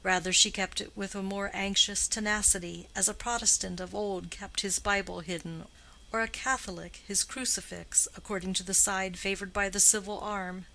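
A woman narrating a classic novel in a measured, even storytelling manner. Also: mid-range voice, vocal fry, low-quality recording. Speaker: audiobook narrator. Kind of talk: scripted literary narration.

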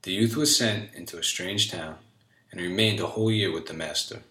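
A man reading an old fairy tale aloud in a measured storybook style. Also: sits low, bright, forceful tone. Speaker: narrator. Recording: echoey room.

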